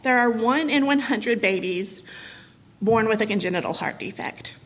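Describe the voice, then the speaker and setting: A woman in her thirties with a husky voice, telling a painful personal story to an audience, emotional and halting, with many pauses and fillers. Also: a little high, rough recording. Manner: emotional, halting, many ums and you-knows.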